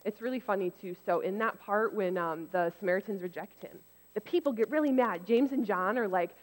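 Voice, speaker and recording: A woman giving a casual, conversational sermon, turning lively when she acts out what others said. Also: medium pitch, brisk. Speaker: preacher. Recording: long reverb in a hall.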